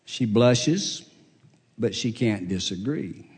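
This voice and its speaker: A man's voice: mid-range voice, a little slow. A male preacher telling a Bible story as a dramatized courtroom scene, in sermon style.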